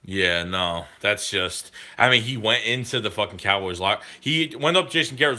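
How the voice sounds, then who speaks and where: Guy ranting on stream, swearing a lot, really sharp tense voice. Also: mid-range voice, normal speed. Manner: profane, heated, ranting. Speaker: live streamer answering chat. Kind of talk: casual live-stream sports rant.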